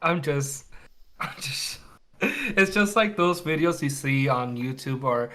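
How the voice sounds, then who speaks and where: A man's voice: fairly high pitch, expressive, slow, a bit bright, slight background noise. A man hosting a podcast interview, talking casually and rambling, restarting sentences as he searches for words. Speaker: podcast host.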